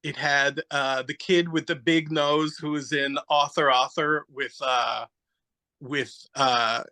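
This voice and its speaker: A man's voice: on the high side, steady tone, slow, bright, forceful tone, low-quality recording. A man chatting casually on a podcast, rambling animatedly through a story, searching aloud for names and acting out little quotes. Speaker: podcast guest. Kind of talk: casual chat.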